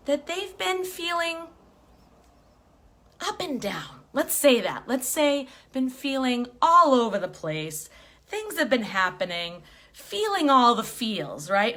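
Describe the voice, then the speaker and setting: Animated chatty woman in her forties. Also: fairly high pitch. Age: 40s. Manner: chatty and animated, greets viewers by name, swears casually. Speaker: spiritual life coach. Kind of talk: casual livestream chat.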